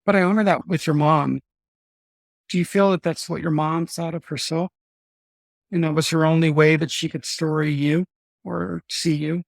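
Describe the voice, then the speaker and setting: A man, a medium and guest on the show, asking careful questions in a gentle, tentative way. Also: a little high, steady tone, moderate pace, creaky, no room sound. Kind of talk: interview conversation.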